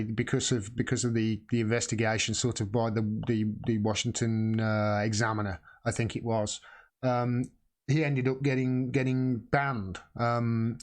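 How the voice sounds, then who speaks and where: A middle-aged man hosting a live political commentary stream, rambling with many restarts and blunt swearing. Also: medium pitch.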